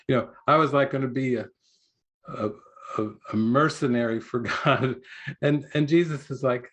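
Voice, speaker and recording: Older male spiritual teacher on a video call, mid-pitched, rambling delivery, laughs often, restarts lines. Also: steady tone, moderate pace. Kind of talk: retreat talk.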